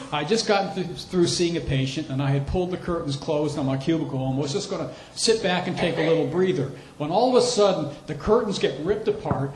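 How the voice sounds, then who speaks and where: A man's voice: a little high, a little mellow, roomy sound, slight background noise, poor audio. A man preaching a sermon as a missionary, telling stories with animation and repeating phrases for emphasis. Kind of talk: sermon with storytelling.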